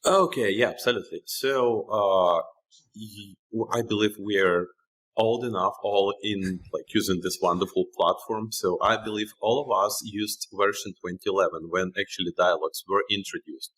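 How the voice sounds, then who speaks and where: A man with a Ukrainian accent, a podcast guest, explaining his software in a measured way with occasional restarts. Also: on the low side, low-quality recording.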